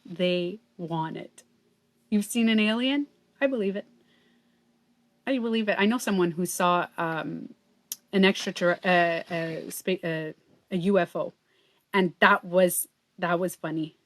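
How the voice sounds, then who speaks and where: A woman's voice: fairly low pitch, a little slow, pauses often. A woman hosting a casual livestream, talking earnestly and full of fillers. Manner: chatty and earnest, many fillers like "like" and "you know". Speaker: livestream host and beauty coach.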